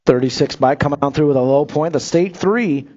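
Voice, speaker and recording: A man's voice: fairly high pitch, a little mellow, highs cut off. A man announcing live BMX races over a track PA, rattling off rider names and placings with joking asides. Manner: upbeat, joking asides between rapid race calls. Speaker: race announcer. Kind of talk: live BMX race commentary.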